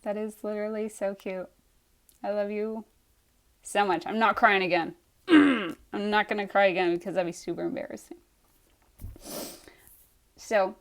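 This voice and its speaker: A young adult woman, an author, chatting earnestly on a live stream to her readers, gushing, with soft laughs and trailing starts. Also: medium pitch. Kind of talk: heartfelt live stream chat.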